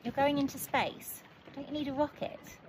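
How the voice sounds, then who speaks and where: A woman's voice: high-pitched, fairly even intonation, moderate pace, background noise, pitched above the performer's own voice, close to an everyday voice. A woman voicing a sensible, skeptical older sister in a storybook reading, blunt and doubtful.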